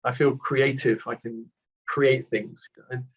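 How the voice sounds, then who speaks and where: Older british guy, husky voice, muffled lo-fi sound, chatty and self-deprecating. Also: medium pitch, flat delivery, slow pace. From Britain. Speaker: award recipient guest. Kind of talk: reflective casual conversation. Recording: dull muffled lo-fi audio.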